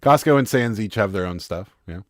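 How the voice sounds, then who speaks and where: Male livestream co-host, lowish voice, dry close sound, joking, reads viewer comments. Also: expressive, a little fast, no echo. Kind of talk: casual live chat.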